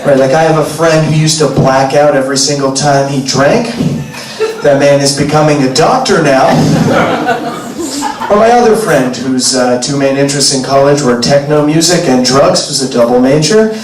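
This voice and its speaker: A man's voice: on the high side, normal speed, noisy background. A young man doing a wry, casual stand-up comedy set in a comedy club. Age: young adult. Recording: echoey club, distant mic, crowd.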